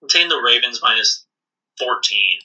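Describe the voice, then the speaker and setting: A man's voice: medium pitch, expressive, moderate pace, creaky, pushed and bright. A man co-hosting a sports podcast, giving brash, emphatic predictions. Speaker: podcast co-host. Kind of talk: casual sports banter. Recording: distant from the mic.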